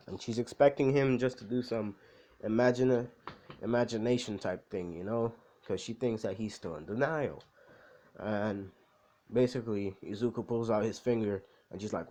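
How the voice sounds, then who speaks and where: Brief: man, lowish voice, casual rambling fan storyteller, loose and chatty. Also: fairly quick, warm tone. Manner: rambling, full of "like" and "you know". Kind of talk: casual spoken fan-fiction retelling.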